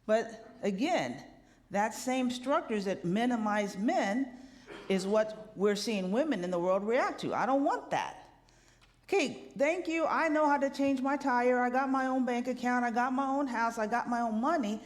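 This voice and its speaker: A woman minister giving a lively, conversational sermon, often checking in with the congregation with a quick "right?". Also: on the high side. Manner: animated, conversational preaching with rhetorical "right?" asides. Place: church sanctuary. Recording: long hall reverb.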